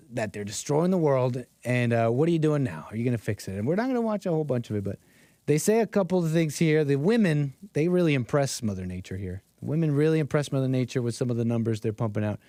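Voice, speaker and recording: A man's voice: mid-range voice, darkish tone, no room sound, clean studio sound. Sarcastic, rambling male streamer. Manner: rambling, sarcastic, chuckling asides. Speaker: streamer and call-in host. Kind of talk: casual commentary stream. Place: home streaming setup.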